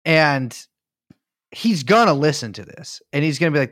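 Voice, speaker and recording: A male podcast co-host riffs and teases through a loose comedy chat, his pitch swinging lively up and down. The sound is close and dry. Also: moderate pace, no room sound. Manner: jokey, teasing, riffing with bits. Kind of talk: casual chat.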